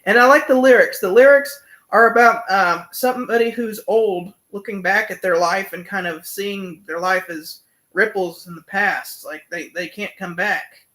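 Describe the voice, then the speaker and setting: A man's voice: high-pitched, moderate pace, bright, forceful tone. A young man giving a casual, enthusiastic album review, full of fillers and humming along to the songs. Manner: enthusiastic, many fillers, hums and sings along. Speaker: music reviewer.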